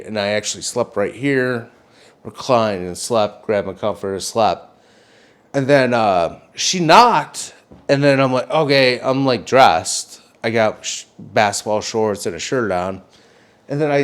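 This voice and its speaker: A man in casual podcast chat, telling a long story with plenty of swearing. His voice sits at an ordinary pitch but jumps up sharply whenever he gets worked up, and he leans into the retelling. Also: clean tone. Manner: animated storytelling, swears a lot, voice jumps up when excited. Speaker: podcast co-host.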